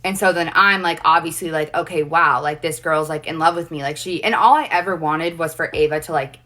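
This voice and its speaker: A woman's voice: low voice, a little fast, sharp tone. A young woman as a livestream guest, telling a long personal story in casual chat, rambling with constant "like" fillers.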